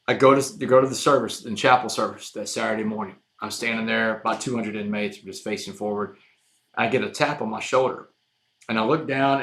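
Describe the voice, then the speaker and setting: Bright-voiced man telling his story. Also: medium pitch. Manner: emphatic, swings from hushed to loud. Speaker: guest. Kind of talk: storytelling in a podcast interview.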